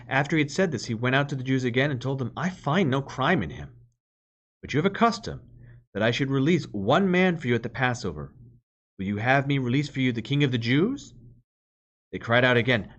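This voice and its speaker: A man's voice: medium pitch, fairly bright tone, lo-fi sound. A man, a priest, reading scripture aloud and then explaining it in plain words with the odd filler. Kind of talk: Bible reading with commentary.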